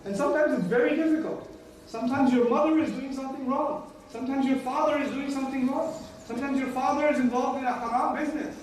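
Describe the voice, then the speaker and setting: A man's voice: very high voice, fairly even intonation, quick pace. A man giving a religious lecture, speaking emphatically, repeating his key points and acting out everyday dialogues. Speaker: Islamic teacher. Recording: echoey room, distant mic, faint noise.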